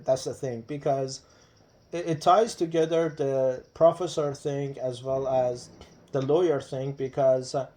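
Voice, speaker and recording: A man's voice: on the high side, a little mellow. A man talking to the camera in a casual, reflective monologue. He hesitates often, with many fillers and restarts. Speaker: vlogger.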